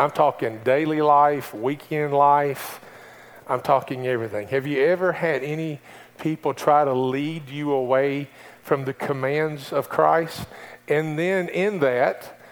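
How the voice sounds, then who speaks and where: A male preacher delivering a sermon, swinging between quiet pleading questions and emphatic calls to obey, repeating key phrases. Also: a little high. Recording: long reverb of a large hall.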